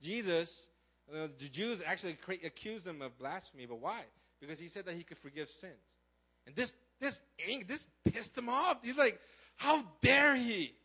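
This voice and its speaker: A man preaching a sermon in a casual, animated way, asking his listeners questions and acting out the characters. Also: sits high, moderate pace, husky, dull audio. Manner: animated, conversational, acts out characters, asks the crowd questions. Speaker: pastor.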